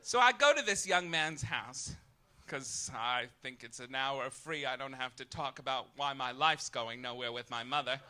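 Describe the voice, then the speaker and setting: A man in his thirties hosting a live stand-up monologue on a club stage, campy and arch, with sudden loud outbursts. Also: medium pitch, animated, moderate pace. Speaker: comedic host.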